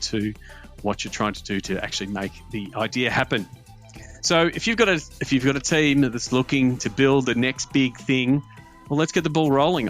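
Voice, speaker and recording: A man hosting a podcast, wrapping up in a relaxed, off-the-cuff way with ums and repeated words. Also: medium pitch. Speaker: podcast host. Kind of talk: casual podcast wrap-up talk.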